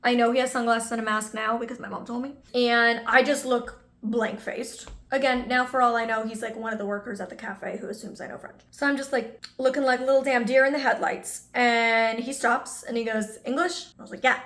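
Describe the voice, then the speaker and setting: A woman's voice: a little high, steady tone, a little fast, hardly any pauses, a bit bright, roomy sound. A young woman vlogger telling a personal story in a casual, chatty way, full of asides to her viewers.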